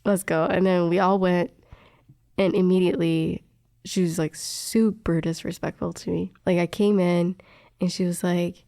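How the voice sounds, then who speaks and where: A woman's voice: lowish voice, normal speed, vocal fry, dry recording, studio quality. A young woman in a casual chat, telling a workplace story and acting out the dialogue, with lots of fillers. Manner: animated, acts out quoted dialogue, many fillers. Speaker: respiratory therapist telling a story.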